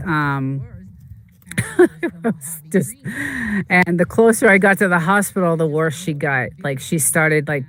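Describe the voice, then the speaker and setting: Streamer just chatting, rambly and halting, lots of ums. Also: mid-range voice, fairly bright tone. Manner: rambling, halting storytelling full of fillers. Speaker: livestream host. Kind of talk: casual chat while streaming a game.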